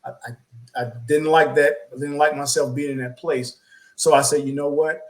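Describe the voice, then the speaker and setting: Higher-voiced man telling a lively story. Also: moderate pace, poor audio. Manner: animated storyteller, repeats words, acts out quotes. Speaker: podcast co-host. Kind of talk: casual storytelling chat.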